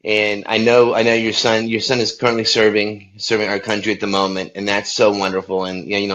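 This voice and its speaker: A man's voice: on the low side, fairly bright tone. A man hosting an online talk show, earnest and encouraging as he interviews a guest. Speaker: show host. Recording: muffled lo-fi sound with faint background noise.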